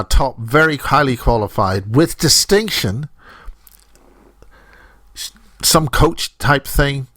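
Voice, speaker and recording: A middle-aged man talking as a radio host at a middle pitch, close on a studio microphone. His monologue is jokey and digressive, full of asides that break off mid-thought. The sound is dry, with no room echo. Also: a bit bright. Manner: jokey, digressive, self-interrupting.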